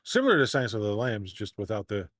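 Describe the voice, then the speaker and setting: A man's voice: on the low side, sing-song, fast talker, a bit bright, no echo. A man streaming a game live, commenting in a playful, jokey, self-mocking way.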